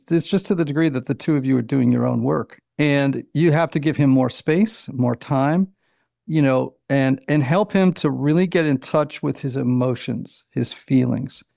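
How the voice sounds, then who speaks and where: A man in his sixties, an author and psychotherapist, talking as a guest in an interview, animated and storytelling, acting out little quotes and using many fillers. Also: a little high, gravelly, no room sound, clean studio sound. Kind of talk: conversational interview.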